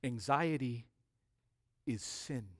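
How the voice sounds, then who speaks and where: A man preaching a sermon as pastor, stressing key words by repeating them and swinging between quiet drops and loud rises. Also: mid-range voice, slow pace.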